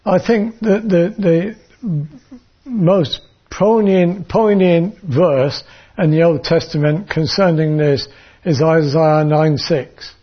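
A man preaching a sermon and reading from the Bible in a measured way, sometimes stumbling and repeating words. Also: on the high side, husky, highs cut off.

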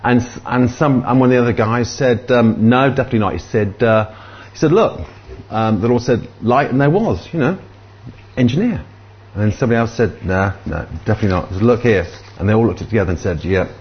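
A man's voice: mid-range voice, animated, a little fast, lo-fi sound. Conversational man telling a joke from the pulpit. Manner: conversational storytelling with fillers. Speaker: guest speaker. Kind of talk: sermon with an opening joke.

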